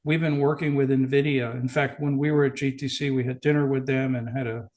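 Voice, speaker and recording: Male executive guest, casual interview, mid-pitched voice, relaxed storytelling, restarts. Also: a little fast. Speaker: podcast guest, company executive. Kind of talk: casual business interview chat.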